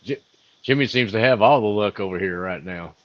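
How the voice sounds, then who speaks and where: Laid-back low-voiced man, dull dry sound. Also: fairly quick, no room sound. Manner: laid-back, agreeable, reads chat. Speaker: livestream co-host. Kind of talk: casual livestream chat.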